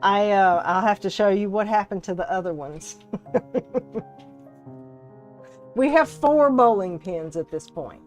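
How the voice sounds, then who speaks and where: A woman's voice: mid-range voice, measured pace, pauses often, soft background music. A woman from Texas and Alabama with a Southern US accent, hosting a casual live crafting stream, chatty and often laughing as she greets viewers by name. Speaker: live-stream host and resin artist.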